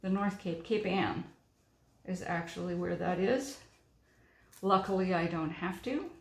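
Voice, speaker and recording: A woman's voice: lowish voice, a little slow. A middle-aged woman chatting through a card-making tutorial, talking her way through each step with frequent ums. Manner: chatty, narrates while working, many ums. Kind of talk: crafting tutorial chat. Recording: echoey room.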